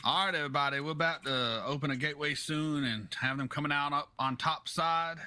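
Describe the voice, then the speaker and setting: A man plays in a tabletop game and chats casually with the others. His tone is bright and forceful. He talks in a laid-back drawl. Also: fairly high pitch, fairly even intonation, fairly quick, clear, resonant tone. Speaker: player.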